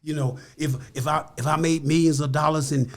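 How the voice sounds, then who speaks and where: A man's voice: a little high, steady tone, a little fast. An older man with a Chicago accent, an interview guest telling a heartfelt story in an emphatic, repetitive, preacherly way.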